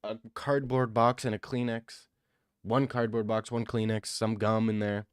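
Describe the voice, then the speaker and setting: A man's voice: fairly low pitch, flat delivery, unhurried, clean tone, no echo, clean studio sound. Joking young guy answering chat. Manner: defensive, joking replies to chat, says bro a lot. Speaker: livestreamer reading chat. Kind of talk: casual livestream chat.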